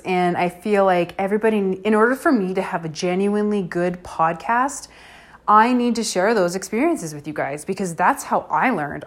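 A woman hosting her own podcast, talking alone to her listeners. Her speech is candid and loose, full of fillers and quick asides, and laughter keeps breaking through. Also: medium pitch. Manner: frank and chatty, laughs often, many fillers. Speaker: podcast host. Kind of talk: casual solo podcast monologue.

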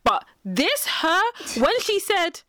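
A woman co-hosting a casual chat podcast, telling a story with animated emphasis, swearing and repeating herself. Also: extremely high pitch, takes it slowly, dry recording. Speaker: podcast co-host.

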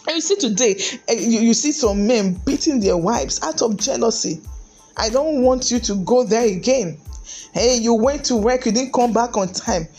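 A woman's voice: a little high, animated, normal speed, darkish tone, breathy edge, soft background music. A middle-aged woman, a lawyer giving an earnest, emphatic talk on marriage, often repeating words and throwing in "hey". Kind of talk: preachy motivational talk.

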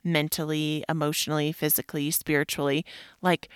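Woman in her thirties, solo podcast host, candid and rambling, whispered asides, lowish voice, dry close sound. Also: level tone, a little fast, clear, resonant tone, no room sound. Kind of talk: casual solo podcast talk.

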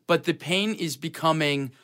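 A man's voice: on the high side, normal speed. Man telling a story with bam and smack. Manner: animated, with sound effects like bam and smack. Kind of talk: casual comedic storytelling.

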